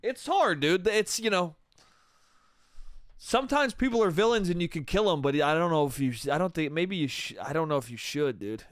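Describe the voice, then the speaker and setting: A man's voice: fairly high pitch, expressive, moderate pace, dry recording, studio quality. Rambling solo podcast man saying dude. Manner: rambling, says "dude" and "bro" a lot, swearing. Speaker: podcast host. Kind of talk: solo comedy podcast monologue.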